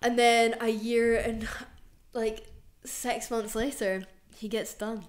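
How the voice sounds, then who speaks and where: A woman's voice: on the high side, slow. A young Scottish woman hosting a podcast, telling stories with lots of swearing and fillers. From Scotland. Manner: animated storytelling, lots of swearing and "like". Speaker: podcast host. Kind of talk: casual chat.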